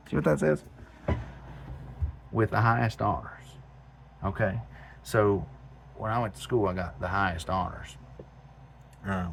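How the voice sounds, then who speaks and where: With a voice on the low side and a faint hiss or hum behind it, this man delivers a ranting monologue to camera for his homestead channel. He's blunt and fed up, hammering points home by repeating phrases.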